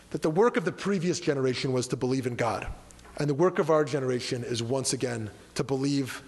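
A man delivering a sermon as a rabbi, impassioned and rising and falling with emphasis. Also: fairly high pitch. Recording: long hall reverb.

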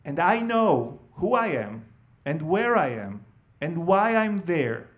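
A man, a Hebrew speaker, telling a family story with animated delivery and frequent fillers. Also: on the high side, takes it slowly. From Israel. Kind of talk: live storytelling talk.

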